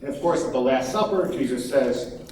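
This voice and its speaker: A man's voice: mid-range voice, moderate pace, a little hiss or hum. Emphatic man speaking in an echoey hall. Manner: animated, emphatic, acts out crowd quotes. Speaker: keynote speaker. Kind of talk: conference talk. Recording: echoey hall from far off, faint ambience.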